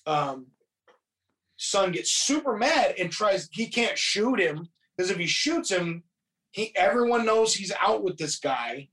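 A man's voice: high voice, big pitch swings, slow, a bit bright, far from the mic. A man casually retelling a movie plot, profane and rambling, quoting characters as he goes. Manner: profane, rambling storytelling with quoted voices. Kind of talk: casual movie recap chat.

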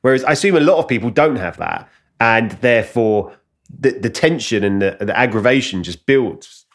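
A man's voice: medium pitch, animated, normal speed. A man hosting a podcast interview who talks casually and checks in with his guest.

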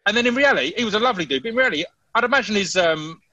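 Chatty man, bright dry voice. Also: sits high, racing, no echo, lo-fi sound. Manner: animated storytelling with frequent restarts. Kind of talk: casual chat.

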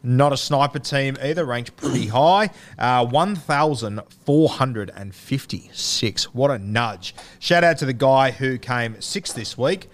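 A man's voice: medium pitch, measured pace, few pauses. A young Australian man co-hosting a podcast, chatting loosely, joking and swearing freely. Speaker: podcast co-host. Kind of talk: casual podcast banter.

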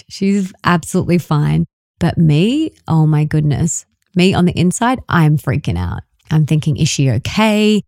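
A young woman hosting a podcast, telling a personal story in an expressive way. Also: low-pitched, no room sound, clean studio sound. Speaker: podcast host. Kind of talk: podcast interview conversation.

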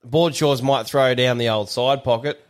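A man co-hosting a podcast, chatting casually with quick short replies and plenty of swearing. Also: mid-range voice, fairly even intonation. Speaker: podcast co-host. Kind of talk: casual banter.

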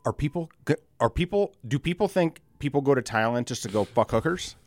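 A man chatting on a podcast with a lively, swooping delivery and a dry, close sound. He rambles freely, swears often and laughs at his own stories. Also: mid-range voice, brisk, dry recording. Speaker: podcast co-host. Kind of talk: casual chat.

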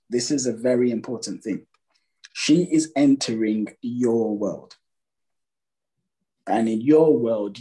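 Male dating coach, husky and mellow tone, emphatic, acts out his examples. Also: medium pitch, poor audio. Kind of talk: casual advice chat.

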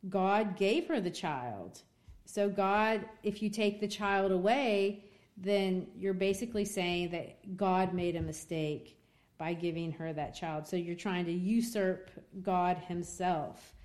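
A woman's voice: fairly low pitch, slow pace, darkish tone. Chatty woman teacher retelling a story. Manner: casual, chatty retelling with many fillers. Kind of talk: classroom literature lesson.

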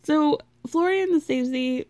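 A woman's voice: sits high, measured pace, mellow. A woman with a contralto voice giving a sarcastic, gossipy recap of a reality TV show in a casual way.

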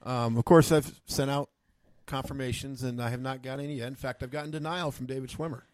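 A man co-hosts a chatty podcast, trading deadpan teasing and laughing at his own jokes. His voice sits in an ordinary middle range. The sound is dry and close, with no room around it. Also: medium pitch, fairly quick, no room sound. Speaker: podcast co-host. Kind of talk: joking casual chat.

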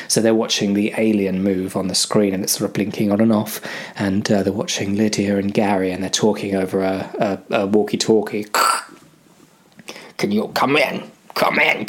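A man improvising a comic story, rambling and hesitant with lots of ums. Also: fairly low pitch.

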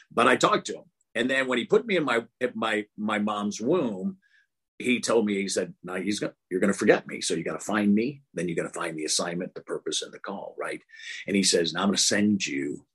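Older man, from Texas, husky, low-pitched, earnest, rambling storyteller. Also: a bit bright. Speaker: guest, author. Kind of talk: casual interview talk.

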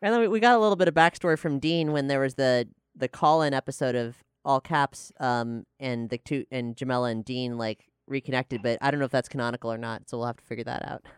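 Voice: mid-range voice, fast, hardly any pauses, clean tone, no room sound, studio quality. A podcast host and game master chatting casually, rambling with restarts and swearing freely.

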